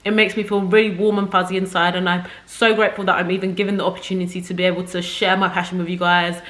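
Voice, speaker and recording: A woman's voice: on the low side, little pitch movement, fast talker, a bit bright. A young woman beauty creator chatting casually to camera from a makeup setup at home, rambling and effusive.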